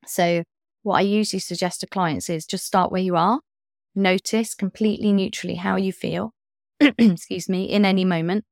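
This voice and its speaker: A woman coach speaking as a podcast guest in a gentle, soothing, reassuring way. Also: mid-range voice, steady tone, normal speed, vocal fry, dry recording, studio quality. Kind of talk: interview talk.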